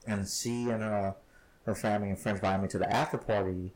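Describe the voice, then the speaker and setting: A man's voice: on the low side, steady tone, a little fast, rough recording. A man co-hosting a podcast, telling stories in casual chat and laughing often as he talks. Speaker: podcast co-host.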